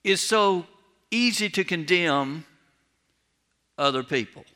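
Pastor, man, slightly high and bright-toned, folksy storyteller with humor, sermon in a reverberant church. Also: lively intonation, slow pace. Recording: long reverb of a large hall.

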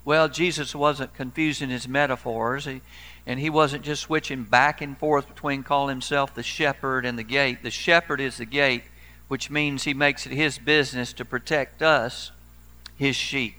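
A man's voice: mid-range voice, fairly even intonation, moderate pace, sharp tone. A man in his sixties, a pastor preaching a sermon in a folksy storytelling way with dry humor.

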